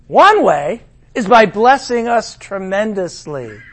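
A middle-aged man preaching a sermon in an animated way, acting out the voices of the figures he quotes. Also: high-pitched, slow pace.

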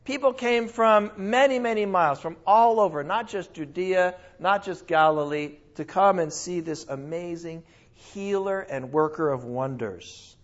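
A man teaching the Bible verse by verse in a lively way, often exclaiming and correcting himself. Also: sits high, measured pace, muffled recording.

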